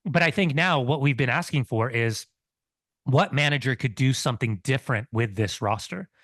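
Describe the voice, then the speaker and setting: A man's voice: medium pitch, normal speed, fairly bright tone, dry recording. A man co-hosting a football podcast, making earnest points about the team while his mouth burns from hot sauce. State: mouth burning, sweating. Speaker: podcast co-host. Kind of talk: casual football chat.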